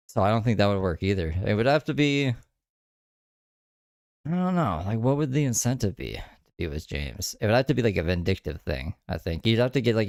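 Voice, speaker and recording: A man's voice: on the low side, a little mellow, dry recording, studio quality. A man hosting a podcast, rambling in crude, casual commentary with lots of filler words. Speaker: podcast host.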